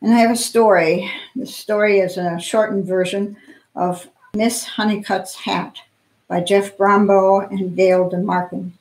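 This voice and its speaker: A woman at a church service reading a children's story aloud in an expressive, playful way. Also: medium pitch, a little slow. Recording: echoey room.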